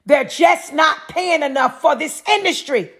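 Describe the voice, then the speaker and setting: At a measured pace, a middle-aged North Carolina woman hosts her own podcast, her voice high and a bit bright. She preaches in a monologue, repeatedly raising rhetorical questions and answering them.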